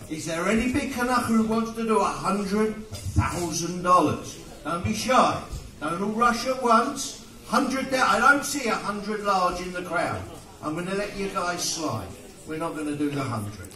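An English man working as a charity auctioneer, coaxing bids with jokes and rapid-fire calls at a live fundraiser. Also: sits high, pushed and bright. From England. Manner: joking, coaxing, rapid-fire bid calling. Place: event hall with an audience. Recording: echoey hall from far off.

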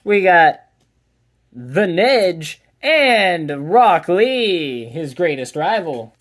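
A man's voice: high-pitched, big pitch swings, drawn-out words, a bit bright. A man hosting a card pack opening, chatting casually and calling out each card as he pulls it. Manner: upbeat, chatty, calls out each card as pulled. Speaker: card collector and channel host.

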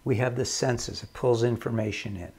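A man giving calm marriage advice in a measured way, often repeating his key phrases. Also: mid-range voice, slightly rough. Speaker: marriage counselor.

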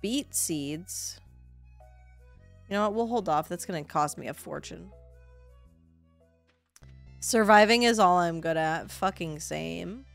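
Her voice sits on the low side, slow and creaky, with frequent pauses and faint music in the background. She's a young adult woman playing a farming game on stream, talking sarcastically to chat in casual let's-play style, chatty, cursing occasionally, and letting out yelps when panicked.

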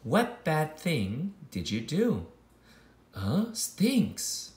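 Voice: mid-range voice, huge pitch swings, extremely slow, darkish tone, roomy sound. A kindergarten teacher reading a picture book aloud to children, playful and hopping between many silly character voices. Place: classroom.

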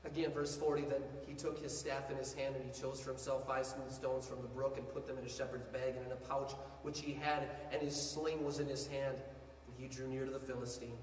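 A man preaching a sermon as pastor, animated, swinging between quiet asides and loud bursts. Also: medium pitch, brisk, a little hiss or hum. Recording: echoey hall from far off, faint ambience.

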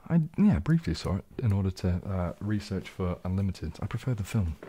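A man hosting a relaxed, jokey live stream, reading out and answering viewer comments, a little tipsy from champagne and sometimes dropping into a whisper. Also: deep voice, brisk, husky. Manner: laid-back and jokey, drifting into soft whispers. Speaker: ASMR channel host.

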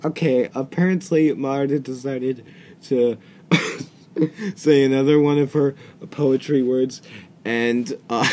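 A man's voice: medium pitch, steady tone, slow pace, pauses often, darkish tone. A man doing casual reaction commentary. He rambles, makes mocking, exasperated asides and keeps breaking into giggles. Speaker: reaction video host.

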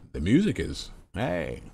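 A man giving casual commentary while playing a truck-driving game, muttering to himself and getting exasperated. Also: mid-range voice. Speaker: gaming channel host. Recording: steady engine noise behind the voice. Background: truck engine and road noise from the game.

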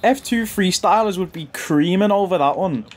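A young man giving casual, slangy commentary over his own football video game, chuckling often and jumping to excited shouts when goals go in. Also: high-pitched, moderate pace. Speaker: gaming YouTuber and streamer. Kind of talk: casual live gameplay commentary.

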